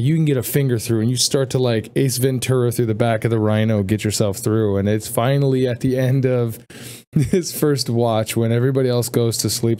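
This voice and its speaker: A man's voice: medium pitch, dark tone. A man narrating a tabletop game as game master in a casual, rambling way, swearing and joking with his players.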